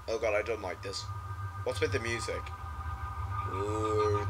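Excitable man narrating a game. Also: on the low side, moderate pace, long pauses. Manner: excitable, talking to the viewer. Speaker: gamer. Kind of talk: let's play commentary. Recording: noisy with clicks and ticking.

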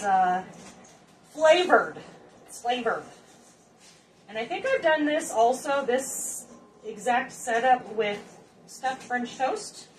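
Rambling cooking show lady in her home kitchen, jokey asides, mic kinda far off, light hum behind. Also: a little high. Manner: chatty, rambling, joking asides to viewers. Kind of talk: casual cooking demonstration. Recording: distant mic with faint background noise.

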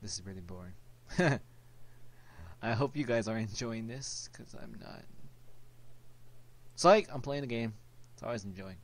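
A man's voice: lowish voice, moderate pace. A teenage boy hosting his own gaming channel, chatting casually and goofily to himself as he plays. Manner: rambling, goofy, talks to himself while playing. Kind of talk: casual gameplay commentary.

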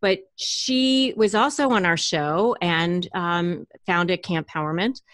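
A woman's voice: lowish voice, takes it slowly, a bit bright, no echo, clean studio sound. A middle-aged woman hosting a podcast interview, friendly and enthusiastic, with frequent ums and restarts. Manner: friendly, enthusiastic, hesitant with fillers. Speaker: podcast host.

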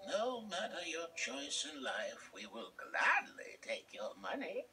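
A fussy, gluttonous male potion seller in a game, his bright, sharp voice swooping wildly up and down as he whines and gloats. He drawls slowly, and the voice sounds set back from the microphone. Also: on the high side, huge pitch swings, recorded from a distance, faint music behind, full character voice. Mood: scheming. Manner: theatrical, whiny and gleeful.

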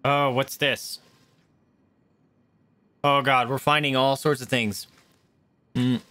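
A man gives casual gameplay commentary, reading messages off the screen and tossing in quick, sometimes profane reactions. His voice is bright and forward, at an ordinary pitch for a man. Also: level tone. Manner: reads in-game texts aloud with quick, swearing reactions. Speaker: let's play gamer.

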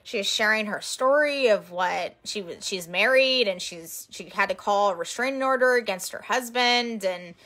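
Bright-voiced woman telling heartfelt stories. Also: medium pitch, moderate pace, hardly any pauses. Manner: earnest, emotional, retells quotes in lively voices. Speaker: missionary sharing outreach stories. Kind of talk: casual storytelling chat.

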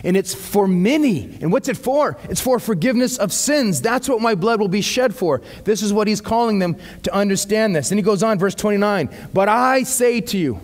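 A male pastor giving a sermon. He reads scripture slowly, then breaks off into lively, casual asides. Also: high voice.

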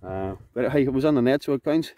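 A Scottish man fishing outdoors by a loch, giving excited, sweary commentary and shouting to a friend across the water. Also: mid-range voice, fast, dry recording. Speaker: fishing vlogger.

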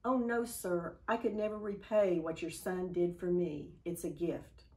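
A woman voicing a humble, grateful young male soldier in a story she is telling, speaking slowly and earnestly. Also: on the low side, fairly even intonation, mellow, close to an everyday voice, poor audio.

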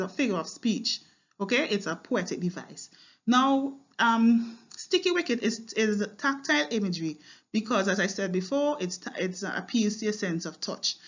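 A woman teaching a poem line by line, thinking aloud and often stopping to check with "right?" or "okay?". Her voice sits at an even middle pitch. The recording sounds a little dull and muffled. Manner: explanatory, repeats words with fillers and checks with "right?" and "okay?". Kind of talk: line-by-line poetry analysis lesson.

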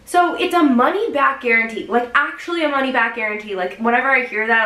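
A young adult woman chatting casually in a vlog, expressive and full of "like" fillers. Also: a little high, fast, few pauses, roomy sound, low-quality recording. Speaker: vlogger.

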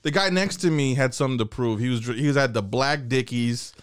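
A young adult man, a comedian, telling a rowdy story on a podcast in a casual, profane, animated way. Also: mid-range voice, fairly quick, clean tone. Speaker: comedian guest.

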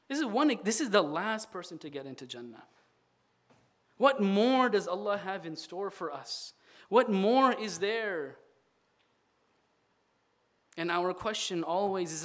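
A man delivering a Friday sermon, telling a story with animated repetition and voicing the people in it. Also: high-pitched, heavy reverb, distant mic. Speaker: imam giving a Friday sermon.

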